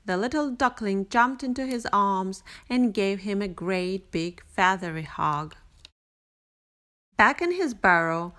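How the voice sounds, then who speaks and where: A woman reading a bedtime picture book aloud, gentle and expressive, with sing-song repetition. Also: medium pitch. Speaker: storyteller. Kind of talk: bedtime story read aloud.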